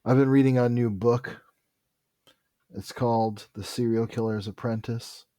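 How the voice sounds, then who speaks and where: A podcast co-host in his forties with a dry, wry sense of humor, chatting casually and trailing off softly. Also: medium pitch, steady tone, unhurried, dry recording. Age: 40s. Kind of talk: casual chat.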